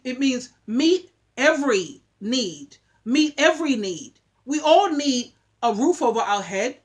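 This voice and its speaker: High-voiced woman vlogger lecturing her viewers, emphatic and repetitive. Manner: emphatic, preachy, repeats points for emphasis. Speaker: relationship advice vlogger. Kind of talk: casual opinionated monologue.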